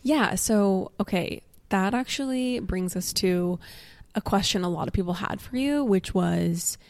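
A woman co-hosting a podcast in casual chat, asking brisk, teasing questions. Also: mid-range voice, darkish tone. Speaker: podcast co-host.

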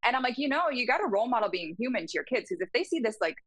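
A woman's voice: a little high, big pitch swings, racing, fairly bright tone, no room sound. A woman and mother speaking as a guest in a casual interview, reflective and easy to laugh.

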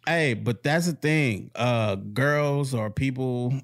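A man co-hosting a casual podcast, relaxed and chiming in with short agreement. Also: mid-range voice, slow pace. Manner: laid-back, chimes in with short agreement. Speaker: podcast co-host. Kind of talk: casual chat.

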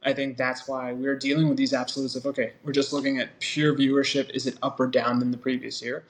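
A man's voice: medium pitch, little pitch movement, brisk. A man co-hosting a casual podcast discussion, speaking earnestly in long, reflective sentences. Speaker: podcast co-host.

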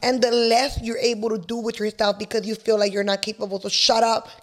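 Young woman LA, cussing, kinda high voice. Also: fairly quick. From East Los Angeles. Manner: brash, profane, animated. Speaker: podcast guest telling her story. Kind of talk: casual storytelling chat.

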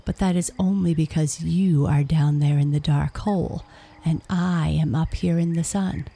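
A woman's voice: low voice, steady tone, creaky, mellow, slight background noise. A woman voicing a cunning, cruel male fox who mocks and gloats over his trapped friend. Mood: jeering. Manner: jeering, drawn-out taunts.

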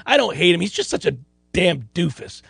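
A man's voice: high voice, very animated, fairly quick, vocal fry, fairly bright tone, husky, dry recording. A man co-hosting a casual sports betting chat, rambling along with restarts and frequent laughter. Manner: rambling, self-interrupting, laughs often.

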